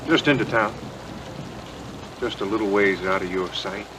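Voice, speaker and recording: A man's voice: moderate pace, recorded from a distance, background noise, lightly acted. An actor playing a restless man who has quit drinking, answering curtly and bitterly, in 1980s TV soap acting. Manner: low, curt, bitter. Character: sober former drinker, restless grown son.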